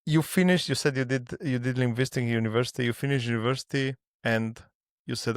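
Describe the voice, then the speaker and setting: Male interviewer with a gravelly voice, halting and filler-heavy, dry close recording. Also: mid-range voice, no echo. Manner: hesitant, many fillers and restarts. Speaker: podcast host. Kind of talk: interview questions.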